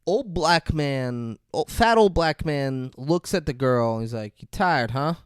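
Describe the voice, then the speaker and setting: Animated man retelling a film scene. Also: medium pitch, measured pace, clean tone, no room sound, clean studio sound. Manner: animated storyteller, acts out scenes in quoted voices. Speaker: podcast co-host. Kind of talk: casual chat reviewing a film.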